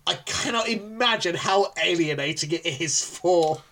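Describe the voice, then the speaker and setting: A man's voice: fairly high pitch, expressive, unhurried, sharp tone. A man co-hosting a casual podcast chat, who rambles with many ums and restarts. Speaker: podcast co-host.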